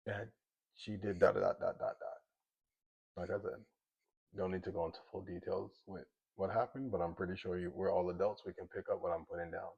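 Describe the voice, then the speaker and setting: A young adult man recounting a personal story in a low voice with a gravelly edge. His delivery is loose and conversational, packed with fillers. He acts out both sides of remembered conversations as he goes. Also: lo-fi sound. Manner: conversational, full of fillers and quoted back-and-forth. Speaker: storyteller sharing a personal testimony. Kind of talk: casual spoken storytelling.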